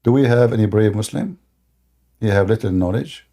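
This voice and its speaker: With a mellow voice on the low side and a normal speed, the man hosting this live-streamed religious debate is combative and insulting. He interrupts callers and keeps repeating and restarting what he says.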